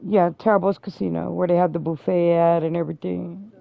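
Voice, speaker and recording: A woman streamer with a creaky, steady-toned voice talks a little fast while telling a long story in casual conversation. Her swearing is frequent, her quotes of others come out loud and high, and the stream audio sounds dull and lo-fi.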